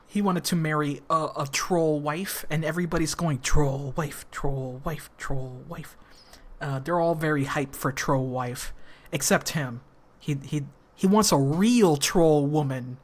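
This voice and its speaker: A woman streamer chatting casually as she recaps a story, rambling and restarting, with frank swearing. Her voice sits low, and she talks at an unhurried, slow pace.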